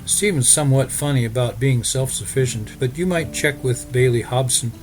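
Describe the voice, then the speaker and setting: A man voicing a brisk, matter-of-fact middle-aged frontier farm mother. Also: mid-range voice, a little mellow, lightly acted.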